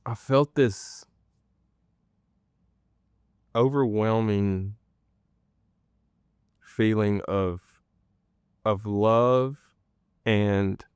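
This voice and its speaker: A man telling his personal faith testimony in an interview, earnest and halting, with many pauses and restarts. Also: lowish voice, darkish tone, clear, resonant tone, no room sound, studio quality. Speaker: guest sharing a personal testimony.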